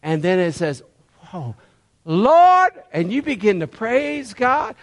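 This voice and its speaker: High, lively-voiced male preacher. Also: normal speed. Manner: emphatic preaching with rhetorical questions to the congregation; folksy and conversational at times. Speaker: pastor. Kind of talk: sermon.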